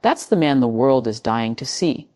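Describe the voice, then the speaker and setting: A woman giving a scripted motivational speech in measured, emphatic short phrases with dramatic pauses. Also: extremely low pitch, lively intonation, darkish tone. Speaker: motivational speaker.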